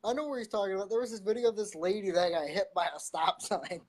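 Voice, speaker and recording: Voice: medium pitch, fast talker, darkish tone. A guest on a live web show, bantering playfully and laughing easily in casual chat.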